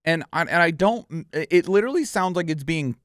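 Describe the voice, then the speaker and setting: A man casually reacting to a game trailer, excitable and rambling with lots of fillers. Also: fairly high pitch, normal speed, no echo, studio quality.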